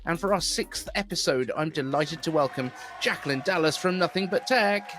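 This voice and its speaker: A man's voice: fairly high pitch, normal speed, fairly bright tone, slight background noise. A man from southeast England with a neutral southern English accent, hosting a casual podcast chat in a chatty, rambling way. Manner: chatty, rambling, self-deprecating. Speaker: podcast host. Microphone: video call.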